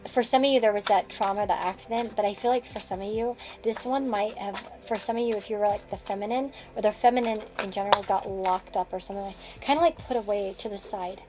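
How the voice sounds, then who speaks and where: A woman's voice: medium pitch, quick pace, hardly any pauses, rough recording. A woman giving a casual tarot reading, rambling and restarting her sentences with frequent chuckles. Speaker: tarot card reader.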